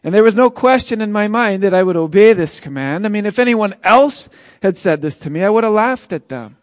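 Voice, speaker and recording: A man's voice: high voice, expressive, a little fast, no room sound, studio quality. An actor playing a formerly paralyzed man who tells his own healing in an earnest first-person dramatic monologue. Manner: earnest, storytelling, with chuckles.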